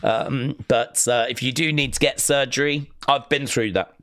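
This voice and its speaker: This man's mid-range voice moves at normal speed with fairly even intonation and a fairly bright, smooth tone, recorded cleanly in a studio with no echo. Hosting a wrestling live stream, he chats casually and rambles through fond memories, leaning on fillers and acting out quotes.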